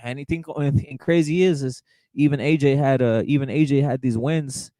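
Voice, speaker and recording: At a normal speed, a young man hosting a laid-back boxing livestream answers live chat in a mid-pitched voice close on a dry mic. He's profane and blunt, loops back to the same phrases, and keeps saying brother to viewers. There's no room sound, and the recording quality is low.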